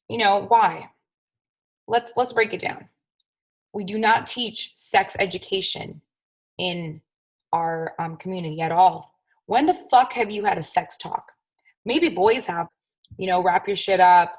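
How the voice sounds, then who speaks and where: A woman's voice: mid-range voice, rough recording. A young woman hosting her own podcast, talking angrily and emphatically with a lot of swearing. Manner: angry, profane, emphatic. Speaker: podcast host. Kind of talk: solo podcast rant.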